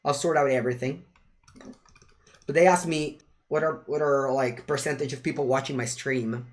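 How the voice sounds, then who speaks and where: Streaming a card game, this young man from Italy chats casually with his audience at a moderate pace in a medium-pitched voice. His Italian accent comes through as he jumps animatedly between English and Italian, keeping up a steady stream of chatter.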